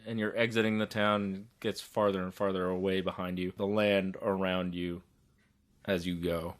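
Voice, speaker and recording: A man's voice: sits low, level tone, moderate pace. A man running a tabletop game as game master, setting scenes in a loose, descriptive way with lots of hedging fillers.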